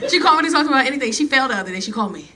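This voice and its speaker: A woman in her forties doing a loud, playful stand-up set on a club stage, acting out voices. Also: high-pitched, expressive, very fast. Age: 40s. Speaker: stand-up comedian. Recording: loud crowd, live club noise. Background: loud audience laughter.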